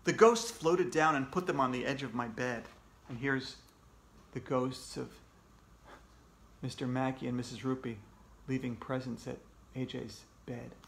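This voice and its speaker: A man, a children's author, reading his book aloud to kids with slow, expressive storytelling. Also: mid-range voice, creaky, a little hiss or hum.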